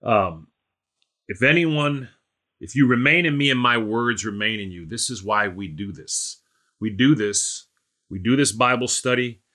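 A man's voice: mid-range voice, unhurried, bright, forceful tone. Emphatic man teaching scripture. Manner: emphatic, repeats phrases, asks the group rhetorical questions; calls on listeners by name. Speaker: Bible teacher. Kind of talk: informal Bible study teaching.

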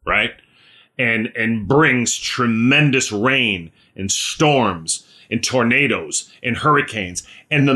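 A man's voice: mid-range voice, pushed and bright. A man preaching a conversational sermon, often asking "right?" and calling on listeners by name.

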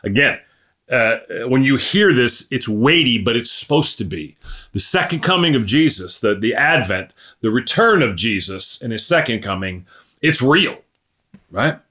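A man preaching a sermon teaching, earnest and conversational, breaking off into quick asides and short prayers. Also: mid-range voice, animated, bright, forceful tone.

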